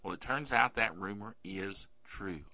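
A man hosting a podcast in a casual, sarcastic tech-news chat, bothered by a sore throat and clearing it often. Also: lowish voice, unhurried, bright, forceful tone, no room sound. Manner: chatty, sarcastic, keeps asking "okay?". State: throat trouble, keeps clearing his throat. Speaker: podcast host. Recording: dull lo-fi dry recording.

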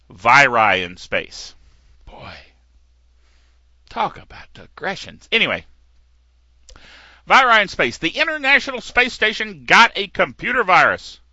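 A middle-aged man with a slightly gravelly voice hosting a casual tech news show, digressing often and chuckling at his own jokes. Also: on the high side, bright, forceful tone, dry recording. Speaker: tech podcast host. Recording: dull lo-fi dry recording.

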